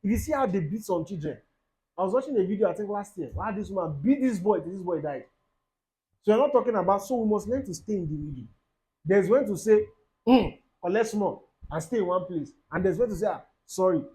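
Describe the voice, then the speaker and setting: High-voiced Nigerian preacher. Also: male voice, brisk, poor audio. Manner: lively preaching, mixes in pidgin, acts out quoted voices, laughs. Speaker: pastor. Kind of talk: sermon.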